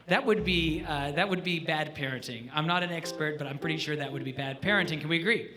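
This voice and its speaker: A man leading a live jazz clinic for students, animated and joking, often asking the audience questions. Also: a little high, quick pace, hardly any pauses. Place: school auditorium.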